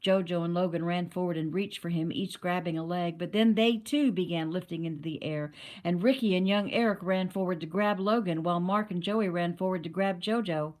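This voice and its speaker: A woman narrating a novel aloud in a steady, plain reading voice. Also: lowish voice, brisk. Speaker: audiobook narrator.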